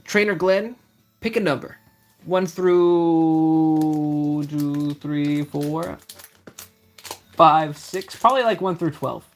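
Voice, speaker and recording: A young man with a slightly high voice chats casually through a live stream, reading out the cards he pulls one by one and replying to viewers. Faint music plays quietly underneath. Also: takes it slowly, pauses often. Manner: chatty, reads out card names, answers chat. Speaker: streamer opening trading card packs.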